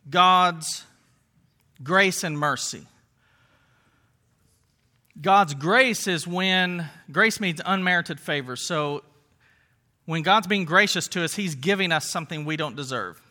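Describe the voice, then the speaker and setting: Pastor, male; high voice with a very sharp, tense edge; conversational sermon, lots of rhetorical questions. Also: slow pace, pauses often.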